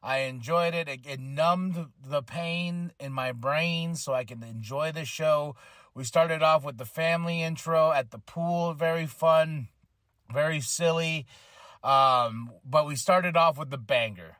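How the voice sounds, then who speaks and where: Animated man hosting a wrestling podcast. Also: a little high, unhurried, no echo, clean studio sound. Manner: animated storytelling with laughs and acted-out quotes. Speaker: podcast host. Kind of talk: casual wrestling recap chat.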